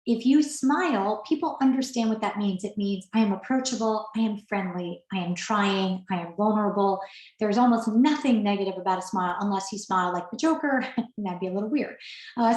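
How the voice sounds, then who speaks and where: A woman's voice: medium pitch, reverberant, low-quality recording. A woman presenting an online professional skills workshop, speaking in a conversational, coaching way and answering questions from the chat.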